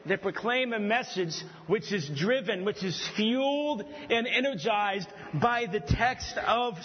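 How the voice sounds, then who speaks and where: A man's voice: high voice, slightly rough. A man preaching a sermon from a pulpit to students of preaching, with emphatic, repetitive, heralding phrasing. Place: church hall, at a pulpit. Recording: reverberant hall, dull lo-fi sound.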